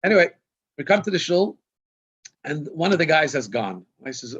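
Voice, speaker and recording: A man, a rabbi, tells a long funny story over a video call and chuckles at his own punchlines. His voice sits on the higher side. The audio is dull and lo-fi. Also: animated, a little fast, fairly bright tone, slightly rough. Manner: anecdotal, laughing at his own jokes.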